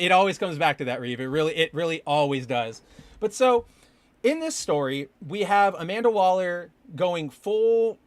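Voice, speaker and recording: A man with a fairly high voice hosting a casual podcast, rambling and animated, swearing when excited. The sound is dry and close. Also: no echo. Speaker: podcast host. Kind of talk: casual comic book commentary. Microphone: live stream with chat.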